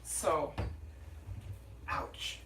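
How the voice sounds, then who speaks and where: A woman from Minnesota hosting a casual live cooking stream from her small home kitchen, chatty, rambling and quick to apologize. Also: heavy background noise. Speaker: cooking livestream host. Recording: kitchen clatter of dishes and pans.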